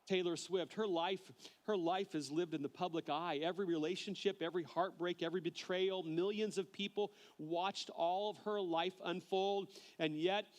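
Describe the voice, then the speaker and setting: A male pastor preaching a sermon in an earnest way, often repeating words as he starts a phrase and slowing down on key lines. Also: sits high, steady tone.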